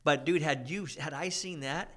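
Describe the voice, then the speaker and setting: A man hosting a podcast, chatting casually and excitably, often saying dude. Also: on the high side. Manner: excitable, fast bursts, says dude a lot. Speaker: podcast host. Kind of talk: casual chat.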